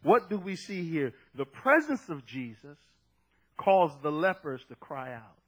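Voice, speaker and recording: A man preaching a fervent sermon, dropping low and then shouting as he acts out scripture. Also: very animated, unhurried, low-quality recording.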